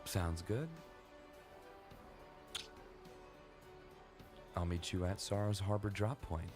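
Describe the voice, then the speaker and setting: A man playing a devoted, steady male warrior hero in a fan audio drama, acting scenes and narrating calmly. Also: low-pitched, normal speed, over loud music, close to an everyday voice.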